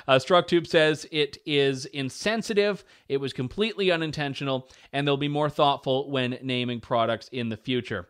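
A man's voice: a little high, normal speed, hardly any pauses, fairly bright tone, clean tone. A young man hosting a talk radio show, delivering opinion commentary with wry, sarcastic asides and chuckles.

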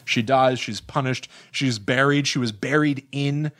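A man's voice: mid-range voice, a little slow, a bit bright. A young man hosting a podcast in casual chat, rambling and joking with many "uh" fillers. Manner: rambling and jokey, with frequent "uh" fillers. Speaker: podcast host.

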